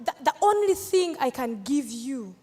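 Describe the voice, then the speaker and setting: A woman's voice: high-pitched, very animated, moderate pace, a little mellow, big-room sound. A woman comedian from Uganda, answering audience questions live in a playful, teasing way. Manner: playful, teasing, laughs often.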